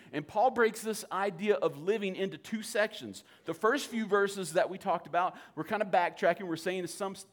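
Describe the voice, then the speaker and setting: A man with a notably high voice leads an evening Bible teaching in a loose, conversational way. He talks informally and slips into little acted-out quotes as he explains. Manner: informal and animated, acts out quoted speech.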